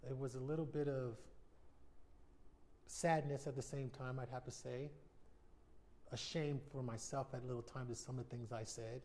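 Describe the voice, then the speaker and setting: A man's voice: medium pitch, little pitch movement, fairly quick, dark tone, slight background noise. An American man in his fifties, a guest in a sit-down TV interview, speaking candidly and reflectively. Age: 50s. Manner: candid, reflective, acts out quoted voices. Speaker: interview guest, retired baseball player.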